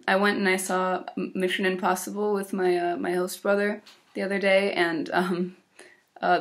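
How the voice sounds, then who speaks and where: Here's an exchange student vlogger, a teen girl from Illinois, USA, whose lowish voice has a creaky edge. Speaking with an American accent, she recounts her exchange year in a casual, upbeat, chatty way, full of fillers and light laughter.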